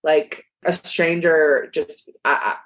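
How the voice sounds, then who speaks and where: A woman's voice: deep voice, fairly even intonation, slow pace. A woman guesting on a podcast, chatting casually with lots of fillers and giggles. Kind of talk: casual chat.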